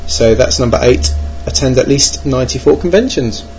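With an expressive, darkish mid-range voice at normal speed, an Englishman who vlogs about board games talks through his gaming plans. His monologue wanders, self-mocking and wry, broken up by plenty of ums and hesitations. Faint noise runs through the dull, lo-fi audio.

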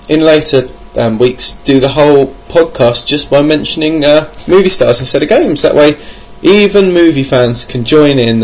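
A young man hosting a board game podcast alone at his computer, rambling and self-mocking with many ums. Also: mid-range voice. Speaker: podcast host. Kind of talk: casual podcast monologue. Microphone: home computer mic.

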